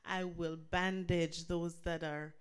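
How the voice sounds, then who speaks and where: A woman minister giving an earnest altar call after a sermon, repeating her appeals in a measured way. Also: on the low side, level tone, smooth. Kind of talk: sermon follow-up and invitation.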